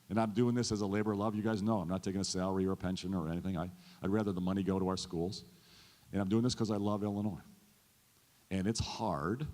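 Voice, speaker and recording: A man's voice: on the low side, darkish tone. Folksy man speaking in an echoing hall. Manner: folksy, earnest, repeats himself. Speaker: state governor. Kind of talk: stump speech to a chamber audience. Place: large event hall. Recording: long hall reverb.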